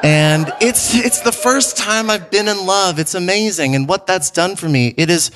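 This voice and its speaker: A young adult man doing a live stand-up set on a theater stage, telling stories with animated delivery and acted-out quotes. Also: sits high, normal speed. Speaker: stand-up comedian. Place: theater stage before an audience. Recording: noisy live theater sound.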